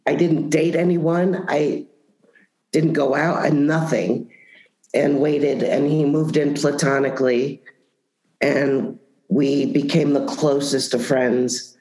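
Animated, laughing woman in a roomy space. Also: low voice, slow pace. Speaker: comedian guest. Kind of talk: casual storytelling interview. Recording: roomy echo.

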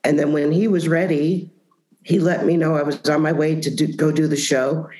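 A woman telling a story in a casual interview, animated and often laughing. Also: low-pitched, normal speed. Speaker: comedian guest. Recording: roomy echo.

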